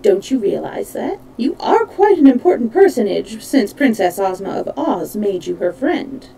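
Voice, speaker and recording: A woman voicing a gracious, jovial male fox king who speaks in a courtly, flattering manner. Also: medium pitch, normal speed, vocal fry, recorded from a distance, slight background noise, low-quality recording.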